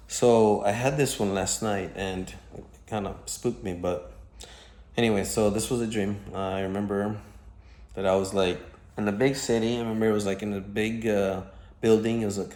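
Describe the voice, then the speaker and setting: A man casually recounting a dream in a halting, rambling way, full of fillers and restarts. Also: fairly low pitch, darkish tone, reverberant.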